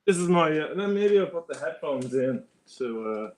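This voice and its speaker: A chatty, self-deprecating man with a North County Dublin Irish accent, his voice sitting a little higher than most. He talks casually over a computer mic on a video call. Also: expressive, normal speed, darkish tone, slight background noise. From Ireland. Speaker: guest on a livestream. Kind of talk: casual chat.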